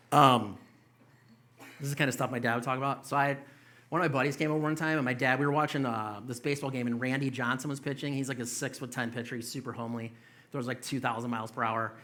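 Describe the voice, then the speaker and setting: A man's voice: medium pitch, fairly even intonation, fast, sharp tone. A young man doing a stand-up set in a small comedy club, telling loose, profane stories with mocking quoted voices.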